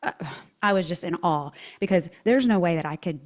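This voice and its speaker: A woman with a Southern twang hosts a chatty interview, her voice sitting a little low for a woman. She gushes warmly and effusively about everything. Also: expressive, a little fast. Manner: bubbly, effusive, gushing. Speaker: podcast host. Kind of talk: casual interview chat.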